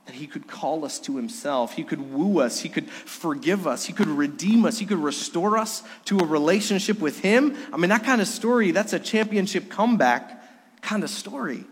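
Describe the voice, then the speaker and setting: A middle-aged male pastor preaching a sermon, swinging between emphatic raised passages and soft, hushed lows. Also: animated, moderate pace, slightly rough. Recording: long hall reverb.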